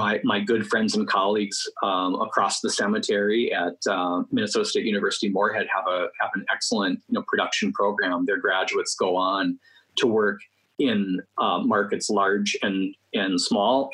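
Middle-aged male film professor, husky and low, rambling panel talk. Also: steady tone, normal speed, a bit bright, low-quality recording. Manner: rambling, many restarts and fillers. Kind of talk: panel discussion.

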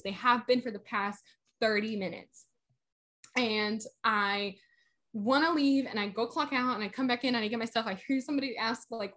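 A woman's voice: on the high side, fairly bright tone. A young woman in casual chat, animatedly retelling a story and acting out the quotes.

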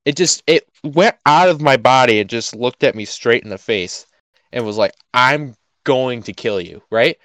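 A man's voice: mid-range voice, moderate pace, no echo. A young man co-hosting a podcast, telling a story in casual chat and acting out the people in it. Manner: animated storyteller, acts out voices. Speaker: podcast co-host.

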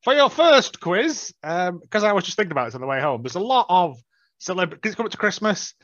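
Man, co-host, bright forceful voice, lively pitch, blunt and sweary, dull lo-fi recording. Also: quick pace, no echo. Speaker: podcast co-host. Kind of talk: casual chat.

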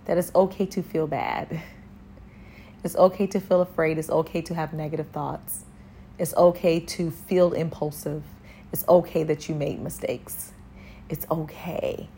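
A woman giving a spiritual encouragement talk, speaking directly to the listener with gentle, repeated reassuring affirmations. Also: lowish voice, slight background noise. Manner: speaks directly to the listener, asking if they follow.

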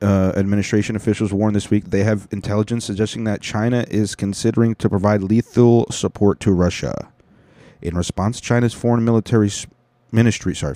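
A man's voice: lowish voice, dark tone, dry recording. A man casually reading a news article aloud, interrupting it with sarcastic, profane jokes. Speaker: commentator reacting to a news article.

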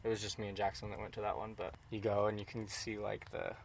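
Young male podcast host, slightly low voice, eager and rambling, faint background hiss. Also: quick pace, creaky. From Utah. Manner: excitable, rambling with many fillers. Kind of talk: casual travel chat.

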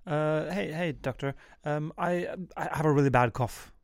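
A man's voice: on the high side, moderate pace, creaky, dry recording, clean studio sound. A man hosting an improvised comedy sketch, flustered and stammering, often breaking into laughter. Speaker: host of a comedy bit.

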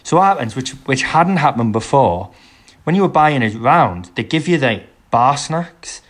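A man's voice: medium pitch, big pitch swings, moderate pace. A man from England, casually telling a long story in a podcast chat and acting out the people in it. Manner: rambling storyteller, acts out quotes.

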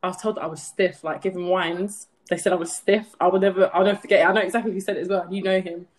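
A woman's voice: fairly low pitch, steady tone, racing. A young woman from London with a London accent, co-hosting a podcast in casual, playful banter and laughing often. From London, England. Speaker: podcast co-host. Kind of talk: casual chat.

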